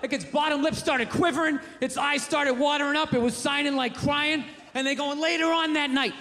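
A man doing stand-up comedy on a theater stage, ranting, profane and animated. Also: very high-pitched. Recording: reverberant theater, faint noise.

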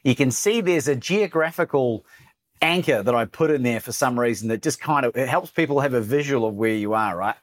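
A man's voice: medium pitch, a little fast. An Australian man, a coach, telling a personal story as a guest in a podcast interview and acting out the lines of others. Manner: animated storyteller, acts out quoted dialogue.

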